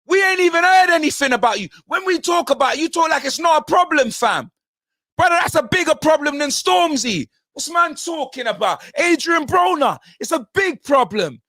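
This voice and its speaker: A man in a furious, shouting football rant, his voice high and lively. The flies fast and his delivery stays heated throughout. The sound is dry and close. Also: dry recording. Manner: ranting, shouting, heavy slang. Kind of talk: angry football fan rant.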